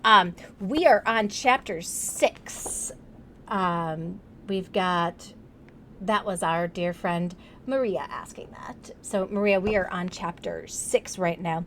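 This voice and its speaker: Gushy coach lady from wisconsin, live book chat, lots of "like", bit of low rumble behind. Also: slow pace, a bit bright. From Wisconsin, USA. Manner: enthusiastic, gushing, many fillers. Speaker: online tutoring business coach.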